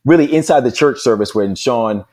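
A man's voice: mid-range voice, normal speed, darkish tone. A man guesting on a podcast, talking thoughtfully in casual chat and laughing readily.

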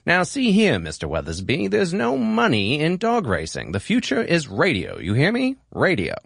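A man's voice: huge pitch swings, normal speed, vocal fry, fairly bright tone, husky, dry recording, studio quality, heavily acted. A man putting on a brash, old-timey 1930s newsreel voice with a mid-Atlantic accent, clipped and emphatic. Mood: insistent. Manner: clipped, emphatic, swooping pitch.

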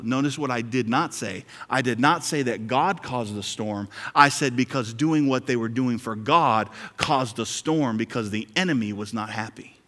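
A man's voice: mid-range voice, moderate pace, few pauses, fairly bright tone. A male pastor preaching a sermon in a conversational, joking way, repeating key lines. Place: church sanctuary. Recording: hall reverb.

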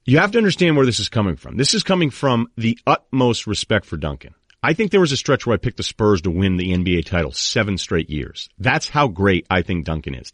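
Male sports podcast host, low register, dry studio sound, loose and animated ranting delivery. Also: no room sound. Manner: animated, rambling, puts on quoted voices. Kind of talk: casual sports rant.

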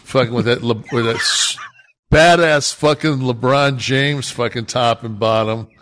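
Man in his 60s, podcast co-host, swears a lot, rambling restarts, mid pitch, dry close sound. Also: fairly bright tone, no room sound. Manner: profane, rambling, halting restarts. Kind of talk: casual chat.

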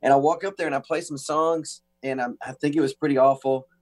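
A man from the United States, a guest on a talk show, telling an animated story with acted-out quotes and frequent restarts. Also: on the high side, a little fast. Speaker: guest musician.

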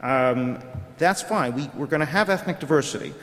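A man's voice: fairly high pitch, moderate pace, fairly bright tone. A middle-aged man giving a prepared conference speech, arguing his case in a lecturing way with rhetorical questions. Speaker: conference speaker. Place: conference hall. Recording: long hall reverb.

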